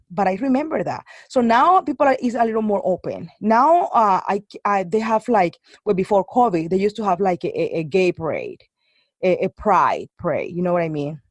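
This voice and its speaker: A woman's voice: mid-range voice, moderate pace, no room sound. Chatty woman with dry close sound. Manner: animated storytelling, many fillers and restarts. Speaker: guest. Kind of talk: casual chat.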